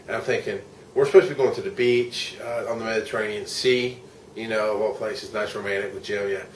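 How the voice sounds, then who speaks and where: In a rambling, unfiltered travel vlog, a worn-out middle-aged man from the United States, a vlogger and podcaster, describes his day, with swearing when he gets frustrated. He sounds on the low side, with fairly even intonation and a slightly quick pace. The recording has slight background noise, a roomy echo, a far-off mic, and faint ambience.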